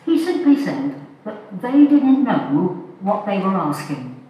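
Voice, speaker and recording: Older lady preaching a sermon, slow and thoughtful, lively up-and-down voice, big echoey church from far off. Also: mid-range voice. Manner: slow, measured, thoughtful delivery. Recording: echoey church heard from a distance.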